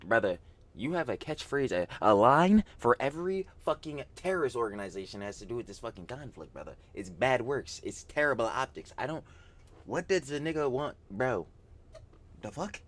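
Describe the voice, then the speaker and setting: Profane, lively-voiced male reaction streamer. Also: medium pitch, moderate pace. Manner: profane slangy banter, bursts into loud laughing rants. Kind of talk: casual reaction commentary.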